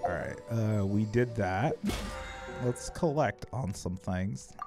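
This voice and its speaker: A man's voice: lowish voice, slow pace, music in the background. A man chatting casually on a live game stream, playful and joking, swearing freely. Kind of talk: casual live-stream chat while gaming.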